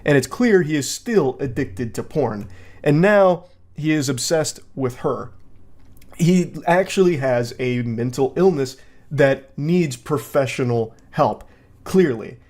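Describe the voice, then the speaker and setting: A man giving casual online video commentary with sarcastic, deadpan asides. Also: medium pitch, slow pace.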